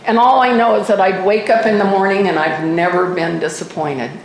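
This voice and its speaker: A woman's voice: medium pitch, steady tone, a little fast, echoey room, a little hiss or hum, poor audio. An older woman sharing her personal story at a recovery meeting, candid and self-mocking with wry humor. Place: meeting room. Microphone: microphone at a podium.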